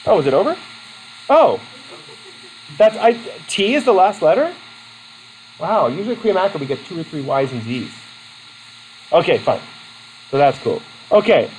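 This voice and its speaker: Lively, chatty male classroom instructor. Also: a little high, a little hiss or hum, rough recording. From Vermont, USA. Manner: chatty, self-deprecating, lots of fillers and restarts. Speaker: college instructor. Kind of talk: classroom lecture with student questions.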